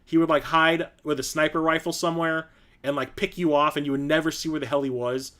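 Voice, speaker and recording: A man's voice: on the high side, fairly even intonation, a little fast. A young adult man hosting a casual live-stream chat, rambling through stories and laughing often. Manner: rambling storyteller, laughs often, acts out quotes loudly.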